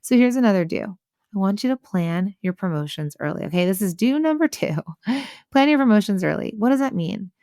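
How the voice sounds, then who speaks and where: A woman's voice: medium pitch, expressive, fairly quick, mellow, no echo, clean studio sound. A woman hosting a solo business podcast, coaching small sellers in a chatty way, with lots of "like" and "right?" and little acted-out customer voices. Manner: acts out customer and waiter voices.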